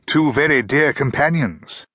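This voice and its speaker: A man voicing a gentle, eccentric male time traveller who stays calm and polite. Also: medium pitch, measured pace, slightly rough, no room sound, studio quality, voice pushed up. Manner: calm, polite, mildly amused.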